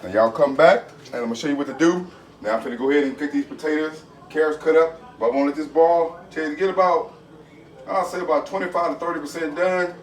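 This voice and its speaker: A man hosting a home cooking video, talking folksy and excitable, with catchphrases aimed at his viewers. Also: fairly high pitch, fast talker. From Texas. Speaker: home cooking channel host. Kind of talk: casual cooking video talk. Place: home kitchen.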